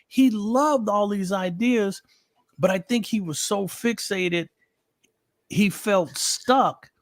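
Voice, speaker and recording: In an emotional conversational chat, a man earnestly recalls a late friend, animatedly acting out their talks, quoting himself and his friend at length and repeating many words. His high voice moves slowly in studio-quality audio with no room sound.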